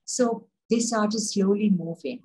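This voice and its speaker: An older woman with an Indian accent, a coffee expert telling lively stories in an interview. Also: mid-range voice, takes it slowly, breathy edge, rough recording. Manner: lively anecdotal, acts out dialogue. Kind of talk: conversational interview storytelling.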